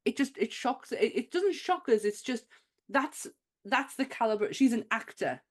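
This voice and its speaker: A woman's voice: a little high, animated, normal speed. A British woman co-hosting a casual film podcast, enthusiastic and swearing freely. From Britain. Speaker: podcast co-host.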